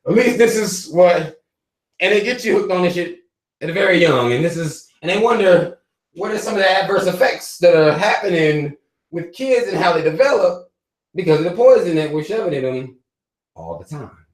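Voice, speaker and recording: A man's voice: high voice, normal speed, echoey room, rough recording. A man hosting a live stream, giving loose, profane commentary with frequent laughs. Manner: animated, swearing, laughing often.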